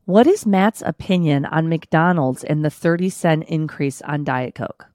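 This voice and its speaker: A woman's voice: low-pitched, a little slow, darkish tone, dry recording, clean studio sound. A woman, co-hosting a podcast in casual chat and laughing often. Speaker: podcast co-host.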